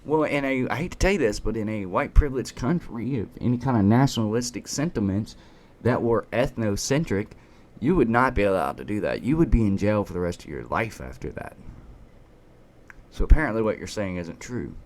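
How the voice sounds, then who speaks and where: An American political commentator rants through an opinion piece, emphatic and sarcastic, pounding his points with repeated rhetorical questions. His lowish, expressive voice has a darkish tone and moves a little fast.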